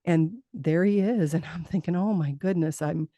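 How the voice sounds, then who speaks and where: A woman's voice: on the low side, normal speed, mellow, dry recording. A middle-aged woman, a guest in an interview, telling a personal story earnestly, laughing now and then and restarting her sentences.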